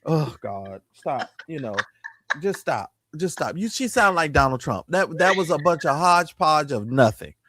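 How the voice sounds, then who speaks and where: A man's voice: a little high, very animated, moderate pace, a bit bright. A man co-hosting a casual talk radio show, blunt and scoffing as he teases and rants. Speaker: co-host.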